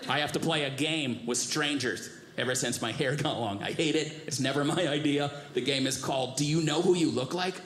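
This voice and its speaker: A man's voice: mid-range voice, fairly quick, few pauses, a bit bright, echoey room. A man doing a stand-up comedy routine, with a dry, self-mocking delivery. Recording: live comedy club with audience laughter. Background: audience laughing and clapping.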